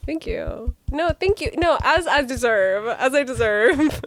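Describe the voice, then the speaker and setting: A woman's voice: sits high, expressive, a little slow, no room sound. A young woman co-hosting a podcast in casual, giggly, self-deprecating banter. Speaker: podcast co-host. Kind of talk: casual chat.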